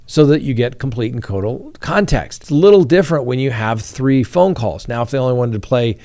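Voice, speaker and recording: Speaking straight to his viewers, a man hosting a crime news program gives legal commentary on a trial, explaining courtroom rules and reading testimony aloud. He has a mid-range, mellow voice, brisk with lively intonation.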